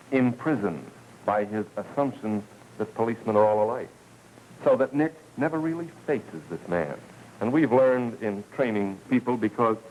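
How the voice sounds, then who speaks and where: A man giving a televised lecture as a professor, speaking in an earnest, deliberate way with emphatic repetition. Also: mid-range voice, a little mellow, slight background noise, low-quality recording. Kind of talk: televised lecture with story reading.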